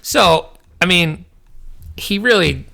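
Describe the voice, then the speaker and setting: A man's voice: high-pitched, expressive, takes it slowly, vocal fry, sharp tone. A man co-hosting a podcast, chatting casually with crude, joking banter. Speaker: podcast co-host. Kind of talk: casual chat.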